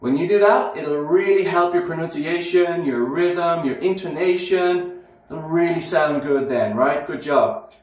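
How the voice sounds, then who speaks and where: Guy teaching english pronunciation, slow drills, repeats stuff for you to copy, big echoey room, mic kinda far. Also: fairly high pitch, a little mellow. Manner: repeats phrases slowly for learners to copy.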